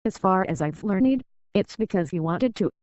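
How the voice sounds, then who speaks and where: A woman voicing a calm, enigmatic female android who speaks in a measured way. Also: medium pitch, no room sound, natural voice. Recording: dull dry recording.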